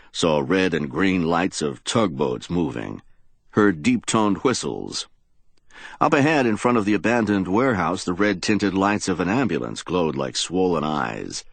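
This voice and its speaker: A man's voice: sits low, gravelly, no echo. A man narrating a hardboiled crime audiobook in a dramatic storytelling manner.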